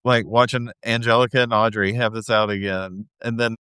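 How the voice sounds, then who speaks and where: A man's voice: on the low side, steady tone, normal speed, sharp tone, clear, resonant tone, no room sound, clean studio sound. A man co-hosting a casual recap podcast, laid-back with jokey asides. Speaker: podcast co-host.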